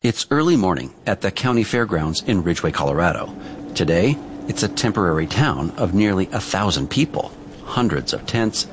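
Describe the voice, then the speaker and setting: A male reporter narrating a scripted news feature in a calm, descriptive way. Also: low voice, background noise.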